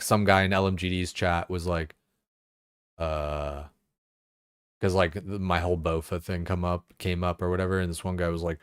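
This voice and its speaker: A man's voice: low-pitched, a bit bright, clear, resonant tone, no echo, clean studio sound. A man streaming games, rambling casually with lots of fillers and swearing. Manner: rambling, profane, filler-heavy. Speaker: game streamer.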